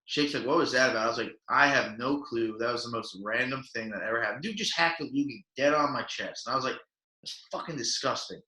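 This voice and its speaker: A man's voice: medium pitch, fast talker. A young man telling rambling stories in casual podcast chat, full of fillers and acted-out quotes. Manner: rambling, filler-heavy, animated quoting. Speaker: podcast co-host. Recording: echoey room.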